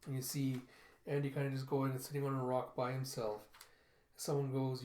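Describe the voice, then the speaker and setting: A man's voice: mid-range voice, completely flat delivery, normal speed, darkish tone. A man casually reading through and recapping a comic book, narrating each panel with "and he goes.". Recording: roomy echo.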